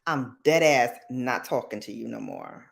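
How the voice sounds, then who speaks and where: A woman hosting a casual live stream, chatty and slangy, often calling out greetings to viewers in a loud, high voice. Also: huge pitch swings, a little slow, creaky. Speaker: livestream host.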